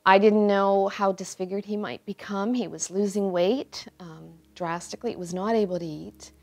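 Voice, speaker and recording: A woman who cared for a dying husband at home, speaking in an interview in a thoughtful, measured way. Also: mid-range voice, steady tone, creaky. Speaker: family caregiver. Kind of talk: interview testimony.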